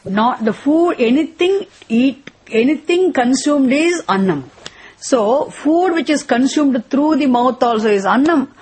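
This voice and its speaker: A woman with a slightly husky, breathy voice teaches scripture at an unhurried pace. She repeats key phrases and keeps asking rhetorical questions. Now and then she chants short verses. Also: sits high, expressive, a little mellow.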